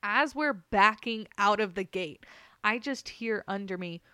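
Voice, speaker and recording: A woman's voice: medium pitch, measured pace, sharp tone, clear, resonant tone, dry recording, clean studio sound. A young woman hosting a podcast, animatedly telling a personal story, often laughing and swearing freely. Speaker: podcast host.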